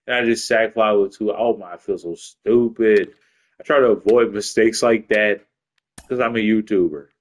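A man's voice: on the low side, moderate pace. A tired man doing casual gameplay commentary as a YouTuber, rambling and profane, dropping into sleepy mumbles and then blurting outbursts. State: tired late at night. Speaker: gaming YouTuber.

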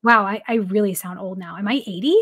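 A woman's voice: mid-range voice, fast, a bit bright. A woman who is a baseball reporter, guesting on a podcast and telling a story casually with plenty of "like" fillers and some laughter.

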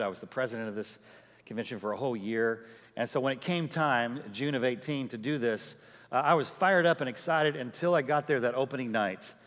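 A male pastor preaching a sermon, telling a personal story with lively quoted voices. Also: mid-range voice. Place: large church sanctuary. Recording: church hall reverb.

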